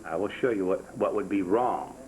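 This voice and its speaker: An older man shows a small class how to make a rosary, his low voice at normal speed over background noise. The instructor is folksy and jokey, repeating himself and counting steps aloud during the hands-on demonstration.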